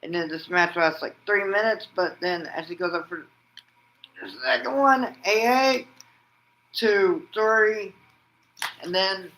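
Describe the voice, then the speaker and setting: A man hosting a wrestling vlog, narrating an imagined match like play-by-play and shouting out the pin counts. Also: high-pitched, slow pace, long pauses, poor audio. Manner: breaks into loud shouted pin counts and move calls; rambling, restarts sentences with "and then". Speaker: wrestling vlogger host. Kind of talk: excited fantasy-booking play-by-play.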